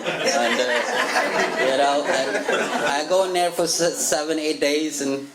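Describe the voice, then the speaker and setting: The recording is very noisy, captured in an echoey meeting room with faint ambience. There, an African-accented man from Africa recounts his personal story at a recovery meeting in a lowish, steady voice at normal speed, punctuating it with laughter and acted-out quotes.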